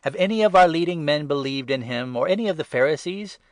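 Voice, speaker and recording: A man reading the lines of scornful male religious leaders with sharp questioning in a scripture reading. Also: on the high side, animated, fast talker, dry recording, studio quality, voice pushed up, close to an everyday voice.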